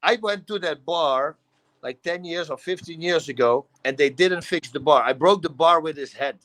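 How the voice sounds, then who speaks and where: A middle-aged man with a Dutch accent, telling animated stories in a casual talk show. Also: a little high, normal speed, low-quality recording. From Netherlands. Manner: animated storytelling, acts out quotes, laughs often. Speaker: guest. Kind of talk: casual storytelling.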